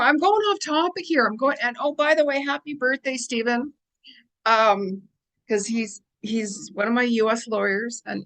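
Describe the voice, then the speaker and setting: A woman's voice: fairly high pitch, fairly bright tone. A woman hosting a spiritual guidance channel, talking casually through a weekly forecast in a chatty, rambling way and repeating words for emphasis.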